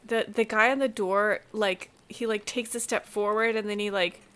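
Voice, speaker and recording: A woman running a tabletop game as game master, narrating in a lively, chatty way over an online call. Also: medium pitch, moderate pace, smooth.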